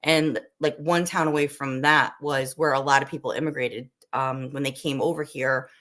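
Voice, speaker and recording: This woman hosts a casual livestream, talking with viewers in a loose, rambling way that is full of "like" and "um." Her voice sits low for a woman. She grew up in the Northeastern United States. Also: fairly even intonation, moderate pace, a bit bright. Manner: rambling and chatty, heavy with "like" and "um". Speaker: livestream host. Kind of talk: casual chat while cooking, answering viewer comments.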